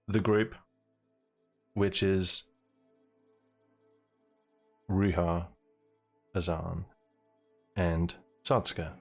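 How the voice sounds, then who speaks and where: A man acting as game master of an online tabletop session, making slow, dry announcements over a voice call. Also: deep voice, fairly even intonation, creaky, faint music behind.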